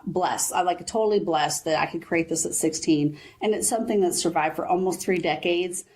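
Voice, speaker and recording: A woman in her forties, a business founder, chatting in an interview and retelling advice in lively quoted voices. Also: on the low side, a little fast. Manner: animated storyteller, quotes her mother. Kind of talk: casual interview chat.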